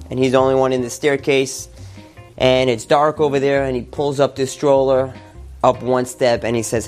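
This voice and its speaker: A man telling a religious story and drawing its lesson, with animated emphasis on key words. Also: mid-range voice, normal speed, faint music behind.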